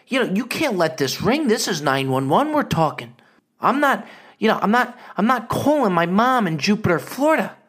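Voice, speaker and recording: A man's voice: high voice, a bit bright. A man co-hosting a comedy podcast, telling a rambling, joking story in casual chat. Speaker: podcast co-host.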